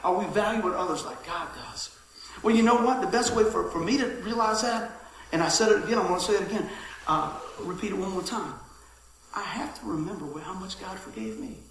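Man, pastor, middle-aged, bright high voice, very echoey church hall. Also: brisk, a little hiss or hum. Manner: lively storytelling, swings from shouting to hushed asides. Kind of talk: sermon.

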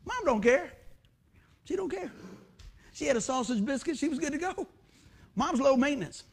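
A man's voice: extremely high pitch, normal speed, gravelly. A male preacher, telling a story in a sermon and acting out the quotes. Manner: animated storytelling with acted-out quotes.

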